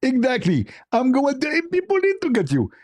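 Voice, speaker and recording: A man doing a high, squeaky caricature of a furious debate opponent. He scolds and mocks in a pinched, raised voice, sneering as he talks. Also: wildly swooping pitch, fairly quick, a little mellow, heavily acted. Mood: scolding, gloating. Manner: scolding, mocking, repeats "get a breath". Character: shrill indignant male debate opponent.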